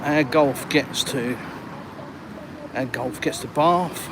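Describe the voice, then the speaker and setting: This older man from England, with an English accent and a slow, medium-pitched voice, is a vlogger doing a live-streamed walk and talk along the water. Chatting in a matey way, he reads out comments, and traffic and street noise are clearly audible behind him.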